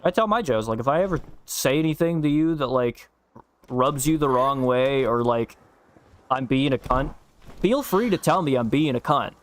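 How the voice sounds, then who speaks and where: A man's voice: mid-range voice, expressive, moderate pace. Blunt, foul-mouthed man streaming. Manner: blunt, profane storytelling. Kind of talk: casual chat while gaming.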